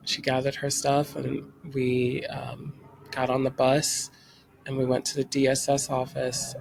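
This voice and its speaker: Gravelly young man telling a personal story. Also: medium pitch, a little hiss or hum. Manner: rambling, emotional, fast bursts with many fillers. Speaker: vlogger.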